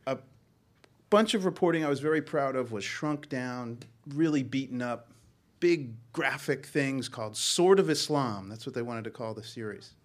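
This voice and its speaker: A middle-aged Boston newspaper journalist shares a personal story with a panel, earnest and halting, full of ums and false starts. His medium-pitched voice is expressive.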